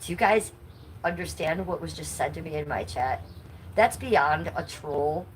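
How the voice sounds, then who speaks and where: A woman's voice: low-pitched, animated, measured pace, slight background noise, low-quality recording. A middle-aged woman with a nasal voice, talking bluntly and indignantly to her chat on a live stream. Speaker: livestreamer.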